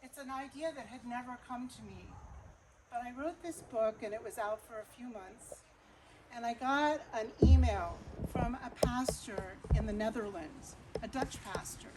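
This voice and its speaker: A woman's voice: a little high, moderate pace. A middle-aged woman giving an earnest, preacher-like talk about her book at a bookstore event. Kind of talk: lecture-style book talk. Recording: audible background noise.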